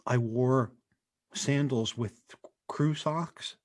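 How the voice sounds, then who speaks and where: A man hosting a comedy podcast, chatting casually and telling stories in an animated, joking way. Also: mid-range voice, drawn-out words. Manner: animated, jokey storyteller. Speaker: podcast host.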